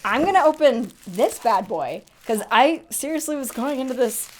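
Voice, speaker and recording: A young woman in a casual makeup unboxing vlog, chatty and excitable, often gasping and laughing. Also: high voice, moderate pace, slight background noise. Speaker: beauty vlogger.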